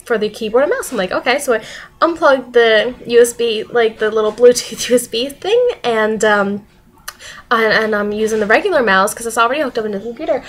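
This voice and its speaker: High-voiced young woman vlogging. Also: a little fast. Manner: animated, laughing often, acting out quoted voices. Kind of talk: casual storytelling vlog.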